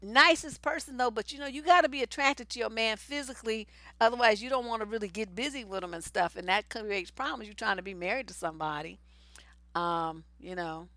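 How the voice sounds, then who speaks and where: A relationship coach woman talks straight to her viewers, blunt and full of slang. Her voice is bright and a little high. The sound is dry and close, with no room in it. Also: a little fast, no echo. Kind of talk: casual live stream advice.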